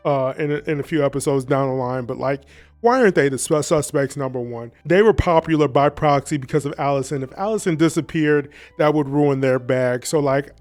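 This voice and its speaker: A man's voice: medium pitch, a little fast, darkish tone, faint music behind. A man hosting a casual commentary recap, rambling and profane and often laughing. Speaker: video essay host.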